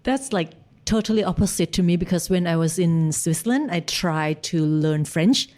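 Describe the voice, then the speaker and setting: Mellow-voiced woman speaking hesitant English. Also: fairly low pitch, normal speed. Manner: hesitant, leans on "like", non-native grammar. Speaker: podcast guest. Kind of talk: casual chat.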